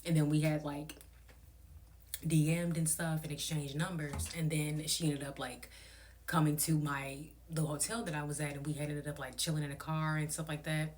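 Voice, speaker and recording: A woman's voice: sits low, little pitch movement, moderate pace, darkish tone, slight background noise. A young woman telling a rambling, profane storytime in a casual, blunt way. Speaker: content creator.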